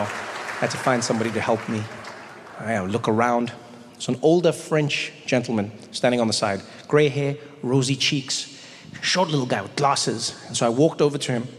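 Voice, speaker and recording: A male comedian telling animated stories during a stand-up set. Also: medium pitch, long reverb tail, slight background noise. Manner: animated storyteller.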